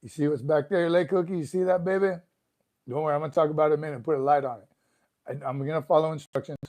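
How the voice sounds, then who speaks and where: A man's voice: on the high side, steady tone, rapid-fire, darkish tone. A man hosting a live stream, chatting casually and greeting viewers one by one as he reads their comments. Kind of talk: casual livestream chat reading comments. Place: room at home.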